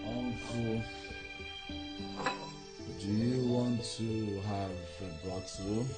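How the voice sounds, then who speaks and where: An actor playing an anguished young man in grief, repeating his despair loud and slow. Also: on the low side, steady tone, roomy sound. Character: despairing young man, grieving brother, suicidal. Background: background music.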